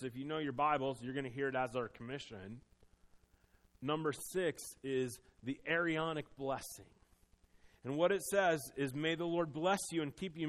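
A man delivers a sermon in a voice pitched a little above the usual. He talks earnestly and personally, dropping to a hushed, confessional tone and then rising into firm, emphatic preaching. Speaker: pastor.

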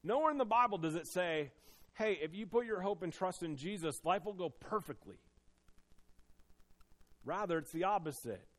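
A man delivers a sermon in a voice pitched a little above the usual. He talks earnestly and personally, dropping to a hushed, confessional tone and then rising into firm, emphatic preaching. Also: animated, normal speed, long pauses. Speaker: pastor.

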